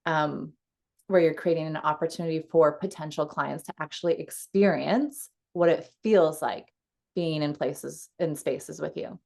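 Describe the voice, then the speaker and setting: A woman coach leading a casual teaching call from home over a video call, chatty and quick to laugh, with frequent fillers. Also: sits low, steady tone, creaky, darkish tone.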